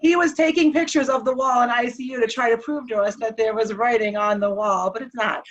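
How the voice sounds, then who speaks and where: Animated woman telling a hospital story. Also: on the high side, fairly quick. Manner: animated retelling that acts out the dialogue. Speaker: guest. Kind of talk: emotional personal storytelling. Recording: slightly dull lo-fi recording.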